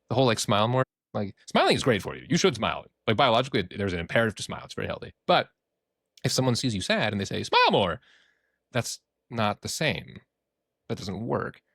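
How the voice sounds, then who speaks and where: A man who works as a therapist, hosting a casual podcast and talking in an animated, joking way. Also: fairly low pitch, gravelly, no room sound, studio quality. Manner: animated, joking, acts out quoted voices.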